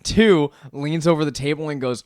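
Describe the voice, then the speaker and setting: A young man co-hosting a podcast, telling a story in casual chat, lively and laughing often as he acts out what people said. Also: on the high side, moderate pace, clear, resonant tone, no room sound, studio quality. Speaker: podcast co-host.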